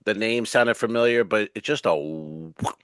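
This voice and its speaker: A man's voice: on the low side, moderate pace, fairly bright tone, clean tone, no room sound, studio quality. A male comedian co-hosting a podcast, telling rambling stories in casual chat and swearing freely.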